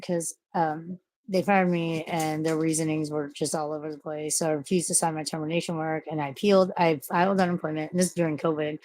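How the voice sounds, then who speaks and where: A woman's voice: low voice, no echo. A middle-aged woman talking frankly in a rambling, profane monologue about work and quitting jobs. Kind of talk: casual monologue.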